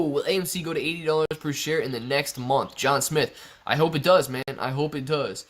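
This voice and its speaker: A man's voice: a little high, brisk, fairly bright tone. A man hosting a casual livestream Q&A, reading viewers' comments aloud and answering in a chatty, laid-back way. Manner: chatty, laid-back, often laughing, says "man" and "bro". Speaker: stock livestream host reading chat.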